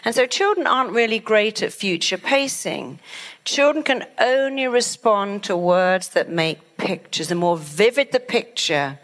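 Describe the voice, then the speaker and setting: A middle-aged woman giving a motivational talk, lively and acting out panicked inner voices as she explains. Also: medium pitch, a little slow. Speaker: hypnotherapist and speaker.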